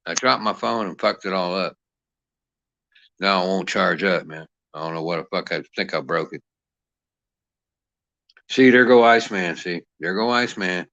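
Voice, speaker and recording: A cantankerous middle-aged man delivers a profane, mocking rant as a boxing commentator. His voice sits low and the sound is dry and close, with no room around it. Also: moderate pace, gravelly, pauses often, a bit bright, no echo, muffled recording. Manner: cantankerous, foul-mouthed, mocking.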